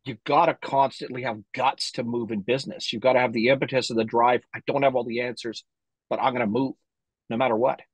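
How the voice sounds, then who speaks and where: Podcast host guy, husky voice, slangy and upbeat, bit tired, dry close sound. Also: mid-range voice, brisk, no room sound, poor audio. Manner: energetic, slangy. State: a little tired. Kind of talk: casual interview.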